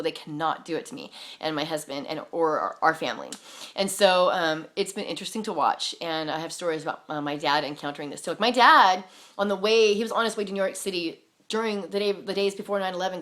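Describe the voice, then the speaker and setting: A woman's voice: on the low side, fairly bright tone. A woman talking in a casual, rambling monologue, candid and defiant, full of swearing, "like" fillers and restarts. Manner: profane, many "like" fillers and restarts. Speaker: vlogger sharing spiritual stories.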